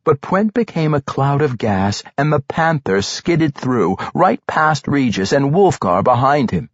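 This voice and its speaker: Male fantasy narrator, husky and animated, dry, slightly dull recording. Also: mid-range voice, unhurried, dry recording. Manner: expressive, animated delivery. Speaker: audiobook narrator. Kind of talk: dramatic fantasy audiobook narration.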